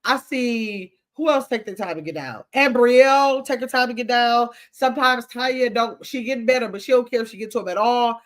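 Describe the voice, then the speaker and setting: A woman's voice: a little high, moderate pace, hardly any pauses. Chatty older woman reading live comments. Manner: chatty, playful, reads viewer comments aloud. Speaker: livestream host. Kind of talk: casual livestream chat reading comments.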